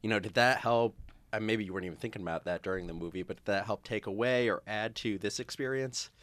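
A man hosting a casual movie review chat, chatty and quick to laugh, steering the talk with questions. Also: on the low side, a bit bright, no echo. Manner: chatty, laughs often, leads the discussion with questions. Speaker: podcast host.

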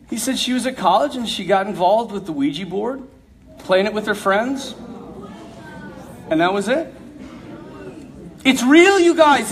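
A young man preaching as a priest, his voice sitting high for a man. He tells a story in a lively, joking way and acts out each person he quotes. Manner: animated, jokey storyteller who acts out quotes. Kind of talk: storytelling talk to young people.

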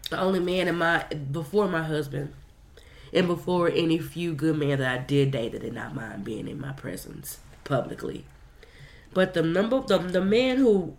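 A woman talks straight to her audience in a frank, unscripted monologue. Her delivery is blunt and full of swearing, rising into loud outbursts and then dropping to quiet, subdued stretches. She restarts her sentences often and addresses her listeners as y'all. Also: deep voice, vocal fry. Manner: blunt and profane, with emotional swings between loud and quiet. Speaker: vlogger sharing a personal story. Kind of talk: candid personal monologue.

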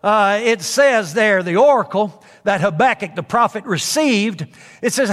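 A man's voice: sits high, animated, a little slow, fairly bright tone, long reverb tail. A man preaching a sermon in an earnest way, repeating phrases for emphasis with frequent fillers.

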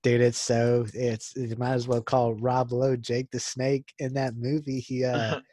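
A man's voice: medium pitch, flat delivery, a little slow, warm tone, dry recording. A young man co-hosting a podcast, chatting casually and eagerly retelling movie scenes, saying "dude" a lot. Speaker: podcast co-host. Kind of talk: casual chat.

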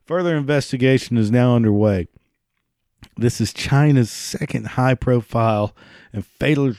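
A man's voice: mid-range voice, dark tone, no echo, studio quality. A man hosting a solo podcast, reading and riffing with sarcastic, profane, rambling asides. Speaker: podcast host.

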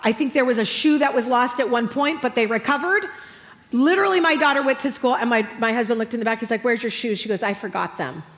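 A middle-aged woman preaching to a crowd with a bright, slightly high voice. She tells a humorous story with animated, self-mocking energy. The sound carries a long reverb from a large hall. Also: fast talker. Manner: animated, self-mocking, acts out family dialogue. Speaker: speaker. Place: large hall with a live audience.

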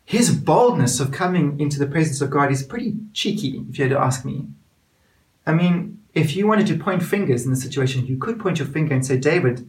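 A man preaching a sermon, with rising emphasis that drops to hushed, intimate moments. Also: on the high side. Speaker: pastor. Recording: roomy sound from a distance.

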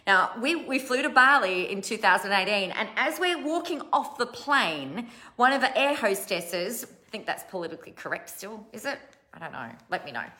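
A woman's voice: medium pitch, sing-song, normal speed, bright, forceful tone. A woman in her thirties, a business coach giving a chatty, blunt motivational talk to her online audience, swearing casually and laughing at herself. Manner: self-deprecating, laughs at herself.

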